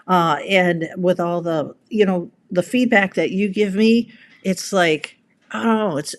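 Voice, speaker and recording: A woman's voice: lowish voice, slow pace. A middle-aged woman in a casual live video, talking in a chatty, rambling way with lots of restarts and fillers. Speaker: content creator. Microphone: camera mic.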